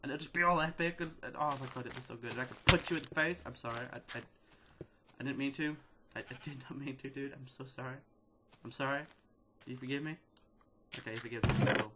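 A man hosting a casual let's-play video, excitedly chattering at the characters in his game. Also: medium pitch, quick pace. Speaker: gaming video host. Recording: loud steady background noise.

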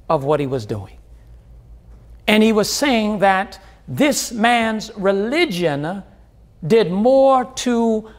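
A man preaching a sermon as pastor, driving points home with repeated phrases and questions to the congregation. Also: high voice.

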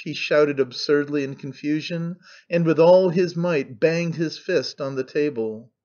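A man narrating an audiobook in steady, measured storytelling. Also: fairly high pitch, lo-fi sound. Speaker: audiobook reader. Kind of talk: scripted narration.

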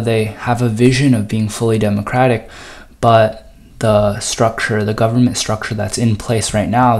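A man's voice: fairly low pitch, darkish tone. Man walking through test answers, ums. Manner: explanatory, frequent ums and you-knows, reads passages aloud. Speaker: test prep tutor. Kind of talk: recorded test review lesson.

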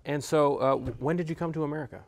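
A man's voice: on the high side, steady tone, fast, creaky, slight background noise. A man interviewing a guest, asking questions and giving short encouragements. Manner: brief encouraging backchannels.

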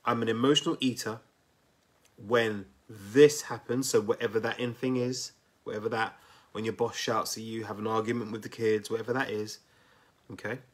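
A man hosting a live coaching stream on weight loss, talking straight to his viewers in a chatty, energetic way and often checking in with "right?" and "okay?". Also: fairly low pitch, normal speed, husky.

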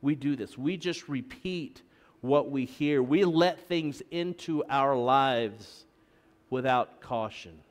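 A man's voice: medium pitch, slow, in a large hall. A middle-aged man preaching a sermon as pastor, with joking asides to the congregation. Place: church sanctuary.

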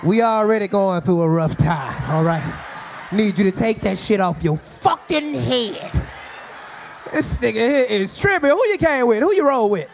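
A man roasting a live crowd as a stand-up comedian, loud and brash, often shouting his jokes on a club stage. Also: sits high, lively intonation, normal speed, gravelly, a little hiss or hum. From Atlanta, US.

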